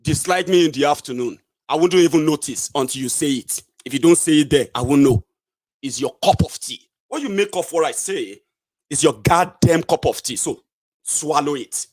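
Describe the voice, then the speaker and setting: A Nigerian political commentator delivers an angry solo rant, combative and sarcastic, scolding his viewers directly. His voice is a little high and a little mellow, with lively intonation at a moderate pace.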